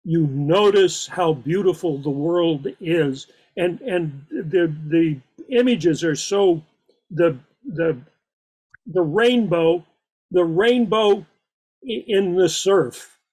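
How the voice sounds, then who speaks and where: High-pitched, hesitant man in a discussion. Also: slow, a little mellow, husky, rough recording. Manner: hesitant, stammering restarts. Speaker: discussion participant. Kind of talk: casual group discussion.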